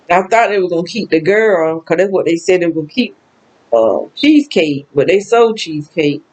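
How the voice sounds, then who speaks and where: A low-quality recording of an older woman from the American South, her slightly mellow, lowish voice expressive and moderately paced. Alone before the camera, this vlogger rambles emotionally through a sad personal monologue, breaking into frequent laughs and exclamations.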